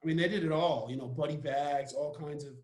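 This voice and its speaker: Brief: young man from Texas, easygoing rambling podcast guest, slightly high voice, echoey room. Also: steady tone, fairly quick, a little mellow. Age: young adult. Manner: laid-back, rambling, joking. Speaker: college football player guest. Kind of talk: casual podcast interview.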